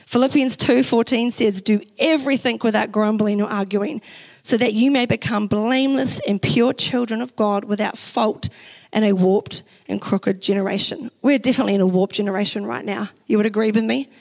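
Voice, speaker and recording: A young woman pastor from New Zealand with a New Zealand accent, preaching a sermon in a chatty, animated way and acting out the quotes in her stories. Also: medium pitch, moderate pace, creaky, rough recording. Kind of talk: sermon with personal story. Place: church.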